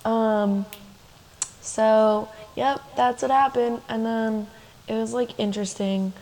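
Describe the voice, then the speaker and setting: A woman's voice: on the high side, steady tone, takes it slowly, darkish tone, low-quality recording. A young woman co-hosting a podcast, telling a personal story in a loose, chatty way full of "like" and laughing asides. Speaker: podcast co-host. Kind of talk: casual storytelling chat.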